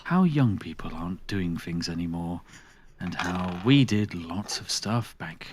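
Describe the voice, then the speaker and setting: A man's voice: low voice, animated, background noise, pitched below the performer's own voice. A man putting on a plummy radio presenter. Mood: announcing. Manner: plummy, measured broadcast delivery. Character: pompous male radio presenter.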